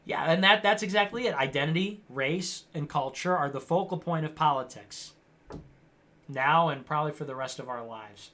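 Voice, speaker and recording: A man's voice: on the high side, moderate pace, fairly bright tone. A man hosting a livestream, reading viewer comments aloud and answering them in a sarcastic, mocking way. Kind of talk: casual political commentary.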